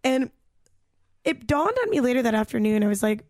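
A young woman telling a story in casual chat, animated, peppered with "like" and "dude" and swearing freely. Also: on the high side, a little fast, pauses often, no room sound, studio quality.

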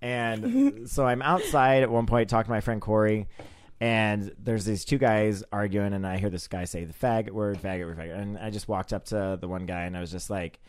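Fast-talking crude storytelling man. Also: lowish voice. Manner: crude, profane, rambling anecdotes. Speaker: podcast regular telling stories. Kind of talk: casual storytelling chat.

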